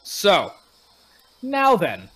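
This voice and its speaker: A man's voice: high voice, wildly swooping pitch, very slow, a bit bright, slightly rough, rough recording. Rambling man running a tabletop game. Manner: loose and rambling, with many fillers. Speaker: game master. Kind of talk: narrating a tabletop game over voice chat.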